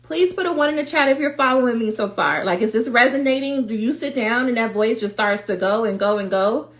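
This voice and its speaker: A woman giving a livestreamed coaching talk to doctoral students, direct and animated. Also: a little high, fairly quick. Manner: animated, direct, acts out quoted voices. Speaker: dissertation coach.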